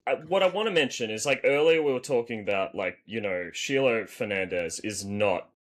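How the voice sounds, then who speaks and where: A man co-hosting a casual movie-review podcast, talking in an excitable way with plenty of fillers. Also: lowish voice, normal speed. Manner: animated, excitable, lots of fillers. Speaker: podcast co-host.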